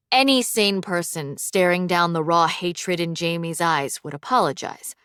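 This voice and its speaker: A woman narrating an audiobook in an even, measured way. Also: on the low side, clear, resonant tone, no echo, studio quality. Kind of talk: scripted narration.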